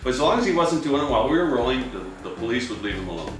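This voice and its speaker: A man's voice: medium pitch, big pitch swings, rapid-fire, faint music behind. A man, a film crew member, recalling set moments with amusement in an interview. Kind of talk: interview anecdote. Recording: echoey room.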